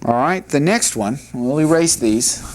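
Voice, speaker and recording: Male teacher, slow deliberate delivery, patient, repeats each letter, plain classroom talk. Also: fairly high pitch, animated, slight background noise. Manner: plain-spoken, with light jokes. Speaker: Hebrew teacher. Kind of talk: classroom lesson at a whiteboard.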